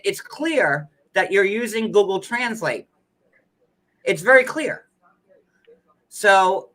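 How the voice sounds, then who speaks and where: A male host talks through a casual live chat in a bright, forward voice. He rambles and leans heavily on filler words as he works through his points. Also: high-pitched, rough recording. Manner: rambling, heavy use of "like" fillers.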